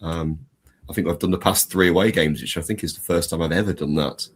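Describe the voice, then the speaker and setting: Low-voiced relaxed guest. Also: male voice, fairly quick, breathy edge. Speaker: fan guest. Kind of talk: casual chat.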